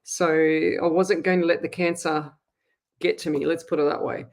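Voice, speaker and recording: A middle-aged Australian woman hosting a live psychic stream, who chats in a rambling way and then leads a slow, soothing guided meditation. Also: deep voice, little pitch movement. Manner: slow, soothing, repetitive guidance; chatty, rambling self-explanation. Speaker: psychic medium host. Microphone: webcam on a live stream. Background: soft meditation music.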